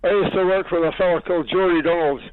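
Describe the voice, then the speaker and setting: A Scottish man rings in to a radio phone-in and speaks slowly and insistently. His voice is fairly high. The sound comes through a thin, tinny phone line. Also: steady tone, no room sound. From Scotland. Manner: slow, insistent and earnest.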